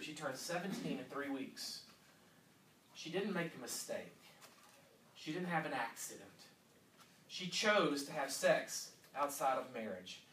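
A man in his thirties, a youth pastor giving an earnest teaching talk to youth workers, swinging from quiet stretches to loud emphasis. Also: mid-range voice, slight background noise. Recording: roomy sound from a distant mic with faint ambience.

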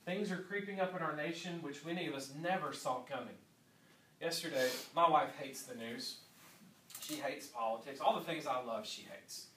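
A man's voice: on the high side, normal speed, fairly bright tone, distant mic, a little hiss or hum. A man in his thirties, a pastor delivering an earnest sermon and repeating key lines for emphasis. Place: church sanctuary. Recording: echoey church room, voice from off-mic.

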